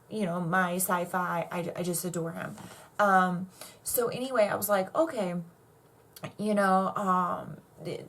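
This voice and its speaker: A woman's voice: medium pitch, breathy edge. Young woman ranting on her vlog, swears a lot, rambly and jittery. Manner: animated, profane, rambling, nervous. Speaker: vlogger. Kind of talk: casual vlog rant.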